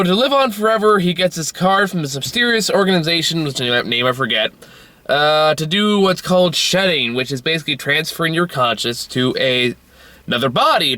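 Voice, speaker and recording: Young male film reviewer, worn out, talks in loose, swearing asides, bright forceful tone, fairly high voice, dead-dry sound. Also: no room sound. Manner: rambling, swears freely, frequent restarts. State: tired. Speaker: movie reviewer. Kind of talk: casual solo film review.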